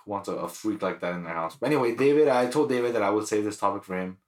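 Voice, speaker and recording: 语速很快、满口脏话的男人，房间有回声. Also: male voice, fairly low pitch, lively intonation, racing, roomy sound. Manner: loose, profane, slangy storytelling. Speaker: podcast co-host. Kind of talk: casual podcast banter.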